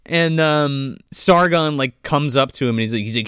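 A man's voice: a little high, fairly even intonation, a little fast, few pauses, a bit bright, smooth, no echo, studio quality. A man co-hosting a casual comedy podcast, retelling a movie scene by scene with lots of swearing and quoted voices. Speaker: podcast co-host.

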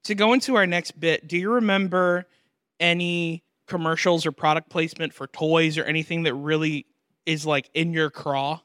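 A young man hosting a podcast, telling animated stories in a casual chat and acting out the voices in them. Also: fairly high pitch, moderate pace, clear, resonant tone, no echo, studio quality. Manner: animated storyteller, acts out voices and laughs often. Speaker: podcast host.

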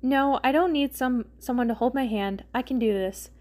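A woman as a stubborn young rookie pitcher. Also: normal speed, darkish tone, lightly acted. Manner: guarded, stubborn.

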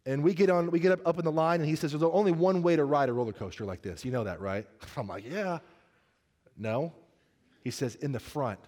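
A man's voice: fairly high pitch, brisk. Man preaching a comic sermon in a hall. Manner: storytelling with comic asides, then earnest and soft. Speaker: pastor.

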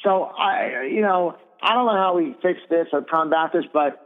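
A man's voice: fairly high pitch, lively intonation, moderate pace. A middle-aged man hosting a radio talk show, speaking bluntly and indignantly and swearing freely. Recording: tinny phone-like radio audio with long reverb.

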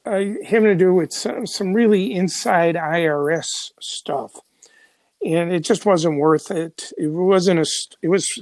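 A man's voice: sits high, no room sound. An older man from Chicago, a journalist telling stories in an interview, rambling with many fillers and restarts. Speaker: journalist guest. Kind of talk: conversational storytelling.

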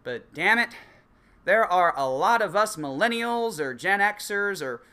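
A man rants in a crude comic monologue, cursing freely and dripping with sarcasm. His bright tone carries a lively, swinging pitch. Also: a little slow, smooth. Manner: crude, sarcastic, swears constantly. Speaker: comedic ranter. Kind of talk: profane comedic monologue.

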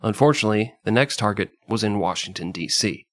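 A man's voice: on the low side, expressive, fast talker, a bit bright, no echo. A man hosting a casual podcast, reading historical passages aloud and laughing often between them. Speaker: podcast host.

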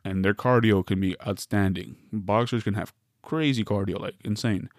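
A man's voice: lowish voice, moderate pace, no room sound, clean studio sound. A man from the West Coast, hosting a solo podcast, riffing through a meandering, wry comedic monologue with many self-interruptions.

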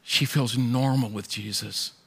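A man preaching a sermon in a large church, folksy and animated, often repeating his words. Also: mid-range voice, measured pace, creaky, slightly rough. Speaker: pastor. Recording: echoey church hall.

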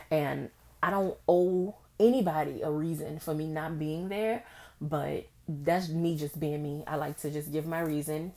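A young woman hosts a solo podcast. She talks candidly and expressively. She acts out old conversations in a raised, animated voice. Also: low voice, a little slow. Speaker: podcast host. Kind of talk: casual solo podcast monologue.

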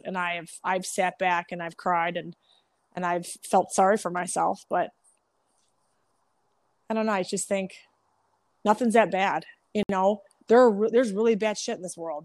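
A woman who owns a salon appears as a guest, telling stories candidly in a medium-pitched, darkish voice with no echo. She laughs often, swears casually, and is frank and self-deprecating.

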